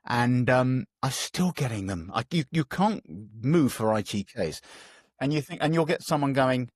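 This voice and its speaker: Husky, lively English man hosting. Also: mid-range voice, normal speed, no echo, studio quality. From England. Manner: animated, swears when worked up, mock voices in quotes. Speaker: podcast host. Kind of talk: casual chat.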